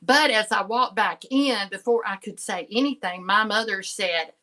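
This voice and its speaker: An older woman who hosts a channel tells a family story in casual conversation, chatty and frequently laughing and interrupting herself. Her mid-range voice is bright and forceful at a moderate pace, though the recording is rough.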